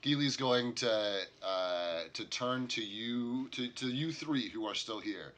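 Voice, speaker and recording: A man's voice: mid-range voice, slow, a bit bright. A man narrating as the game master of a tabletop game in a rambling way, full of fillers.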